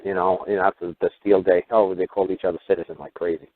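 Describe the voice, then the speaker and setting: Low-voiced man on tinny radio. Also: flat delivery, very fast. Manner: rambling, acts out dialogues with sudden pitch jumps. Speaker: radio show host. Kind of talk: call-in radio talk. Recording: tinny phone-like radio audio.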